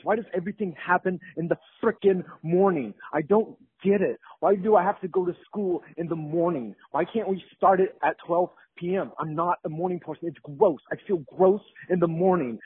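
A teenage guy phoning in to complain, whiny and exasperated, his pitch sitting a bit high. His voice is husky and comes through a thin, tinny phone line. He sounds fed up. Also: no echo. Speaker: caller. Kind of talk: phoned-in rant.

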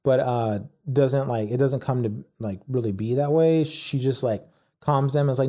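A man's voice: medium pitch, unhurried, warm tone. A man casually retelling a story, rambling with lots of fillers. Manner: rambling, many fillers like "like" and "yada yada". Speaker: storyteller recapping a documentary. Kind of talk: casual chat.

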